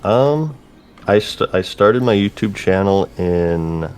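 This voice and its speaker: A man who is a guest on a gaming podcast, talking in a flat, soft-spoken monotone. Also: fairly low pitch, takes it slowly, smooth. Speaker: guest YouTuber. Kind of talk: casual podcast chat.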